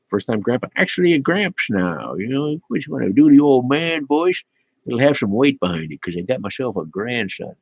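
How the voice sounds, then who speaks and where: Man, fifties, stream host; low voice, casual and rambling, dry sound. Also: slightly rough, dry recording. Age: 50s. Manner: relaxed, rambling, with many fillers. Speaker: livestream host reading chat. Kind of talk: casual livestream chat.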